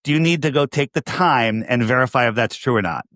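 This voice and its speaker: A man with a New York accent talks in a casual interview, insistent and repetitive, peppering his points with rhetorical questions. His voice sits at an ordinary pitch. The sound is dry and close. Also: brisk, a bit bright, no room sound. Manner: emphatic, repeats phrases, asks rhetorical questions. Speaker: podcast guest.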